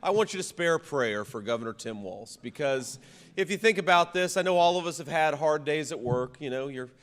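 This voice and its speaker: A man, a vice-presidential candidate, gives a political rally speech. He repeats punchy slogans, shouts the big lines, and often restarts his sentences. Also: fairly high pitch, lively intonation, fairly quick, big-room sound. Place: campaign rally venue.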